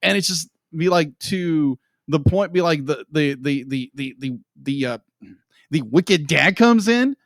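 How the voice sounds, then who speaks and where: A man's voice: a little high, expressive, measured pace, no echo. A young man co-hosting a podcast, gushing emotionally about a film in casual chat and repeating himself often. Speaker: podcast co-host.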